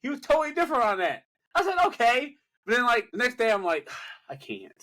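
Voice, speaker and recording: Male podcast co-host, slangy and playful, repeats himself, pitch leaps all over. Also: big pitch swings, quick pace, bright, forceful tone. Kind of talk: casual podcast chat.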